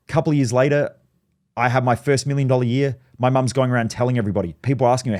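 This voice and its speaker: Male mindset coach, mid-pitched voice, blunt, profane, driving motivational delivery. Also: steady tone, very fast, a little mellow. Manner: blunt, swearing, fired-up storytelling. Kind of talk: motivational monologue.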